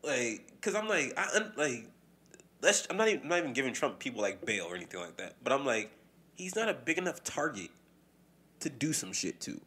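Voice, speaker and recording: A man's voice: mid-range voice, a little fast. A man co-hosting a podcast in casual, profane chat. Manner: animated, profane, mimics voices when quoting people. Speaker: podcast co-host.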